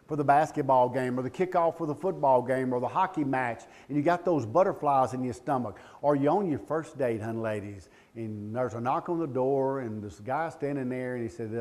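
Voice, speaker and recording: A man, giving a live training talk as a law enforcement trainer, animated and joking, calling out questions to the crowd. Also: mid-range voice, brisk. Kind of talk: live seminar talk to an audience. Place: room with a live audience.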